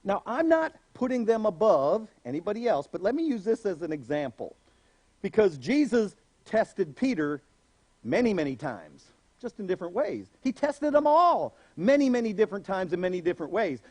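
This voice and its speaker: A man pastor preaching a sermon, animated, acting out voices in the story he tells. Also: high-pitched, normal speed, no echo.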